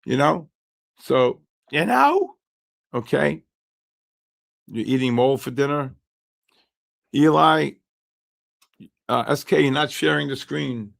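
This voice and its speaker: A hoarse man hosting a live trading stream, chatting with viewers by name while he calls trades. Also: medium pitch, slow, long pauses. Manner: animated, greets chat by name while calling trades. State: hoarse, losing his voice. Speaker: livestream host and futures trader.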